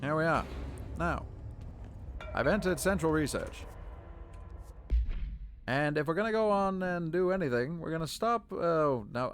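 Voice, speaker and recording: A man's voice: on the high side, a little hiss or hum. A man streaming a video game live, making playful, sarcastic commentary and talking back to the characters.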